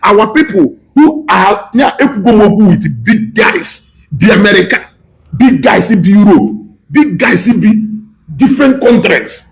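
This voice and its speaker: A man's voice: sits high, lively intonation, measured pace, low-quality recording. A man with a Nigerian Igbo accent giving an impassioned, scolding lecture, switching between Igbo and English and repeating his points for emphasis. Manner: preachy, scolding, emphatic repetition. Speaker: speaker addressing diaspora.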